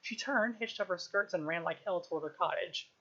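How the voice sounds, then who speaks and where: A woman's voice: on the low side, brisk, fairly bright tone, highs cut off. A woman reading a novel aloud on a live stream, unpolished, with small restarts and chuckles.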